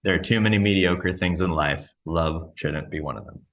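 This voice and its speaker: A man's voice: low voice, moderate pace. A man hosting a podcast in casual chat, joking and self-deprecating. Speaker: podcast host.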